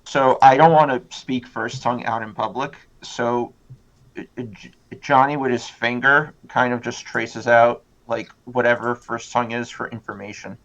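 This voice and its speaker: A man's voice: mid-range voice, fairly even intonation, normal speed, fairly bright tone, dull audio. A man playing a tabletop role-playing game, speaking casually and stammering a little. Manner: hesitant, stammering. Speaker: player.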